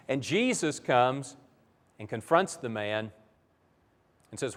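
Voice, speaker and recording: A man's voice: mid-range voice, slow pace, long pauses, big-room sound. A man preaching a Bible lesson in a church, telling the stories vividly. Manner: animated, vivid storytelling. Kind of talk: sermon-style Bible lesson.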